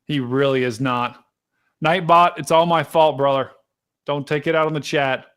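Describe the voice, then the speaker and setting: A man hosting a live storm-tracking stream, chatting casually to his viewers and explaining radar, excitable and talkative. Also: mid-range voice, normal speed, smooth. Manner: excitable, chatty, talks to chat directly. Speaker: livestream weather host.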